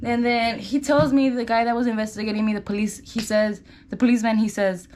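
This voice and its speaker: Chatty young woman with roots, high voice. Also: a little fast, hardly any pauses, darkish tone. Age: young adult. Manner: chatty, filler-heavy, "like" and "you guys". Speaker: vlogger. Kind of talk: storytime while doing makeup. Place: indoors at home.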